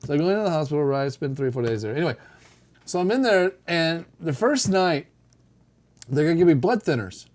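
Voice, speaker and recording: Middle-aged male co-host, animated storyteller, laughs often, acts out quotes. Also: fairly high pitch, a little fast. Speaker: podcast co-host telling a story. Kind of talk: casual storytelling chat.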